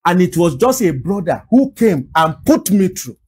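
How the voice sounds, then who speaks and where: This pastor, speaking Nigerian-accented English, drives his sermon with repeated phrases and forceful rhetorical questions. His high voice is sing-song, a little mellow and husky, at normal speed. The recording quality is low.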